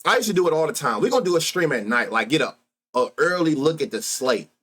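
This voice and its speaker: A man's voice: fairly high pitch, sing-song, quick pace, a bit bright. A man in his thirties with an African American Vernacular English accent, hosting a sports betting live stream with loose, crude, laughing banter. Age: 30s.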